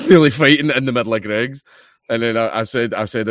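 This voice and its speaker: A man's voice: mid-range voice, normal speed, no room sound, clean studio sound. A Scottish man in his thirties, chatting casually and telling swear-filled stories. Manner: swearing storyteller. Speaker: podcast guest. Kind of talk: casual chat.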